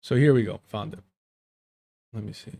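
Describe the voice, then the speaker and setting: A man's voice: on the low side, normal speed, dark tone. A man doing casual live-stream commentary over clips, rambling and swearing, with many fillers.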